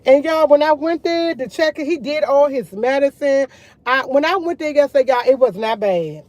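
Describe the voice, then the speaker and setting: Woman with a warm, mellow voice chatting. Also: high-pitched, expressive, normal speed, dry recording, highs cut off. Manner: rambling, repeats herself, addresses viewers as y'all. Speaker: vlogger. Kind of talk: casual morning chat to viewers.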